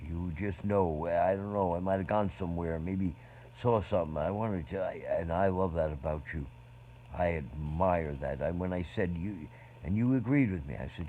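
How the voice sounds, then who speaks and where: A man with a lowish voice talks slowly about faith in a loose, rambling way, stopping and restarting his thoughts. The sound is dull and lo-fi, with a faint hiss underneath. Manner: meandering, halting with many restarts. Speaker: speaker in a faith conversation.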